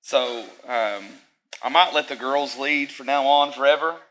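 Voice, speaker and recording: A man's voice: mid-range voice, unhurried, fairly bright tone, low-quality recording. A young man giving a casual, talkative sermon, full of fillers and asides to the audience.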